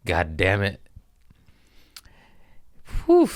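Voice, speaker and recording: A man hosting a casual comedy podcast, rambling and animated, slipping in and out of goofy voices. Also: low-pitched, takes it slowly, pauses often, clear, resonant tone, no room sound, clean studio sound. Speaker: podcast host.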